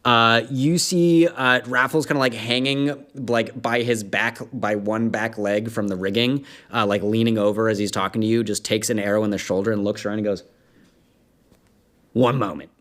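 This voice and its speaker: A man's voice: lowish voice, steady tone, normal speed, hardly any pauses, fairly bright tone. Guy dming a tabletop game, loose and chatty, lots of ums and laughs. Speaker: dungeon master.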